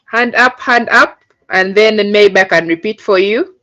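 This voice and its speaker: Slow patient woman teaching. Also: medium pitch, sharp tone. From Uganda. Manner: patient, explains step by step with many fillers. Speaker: coding teacher. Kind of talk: online class instruction. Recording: dull lo-fi call audio.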